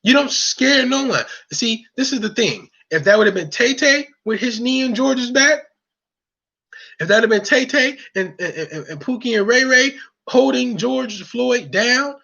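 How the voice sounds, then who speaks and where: A man's voice: high-pitched, a bit bright, husky. A man delivering an angry, repetitive monologue in a heated, preaching manner. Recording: dull lo-fi recording.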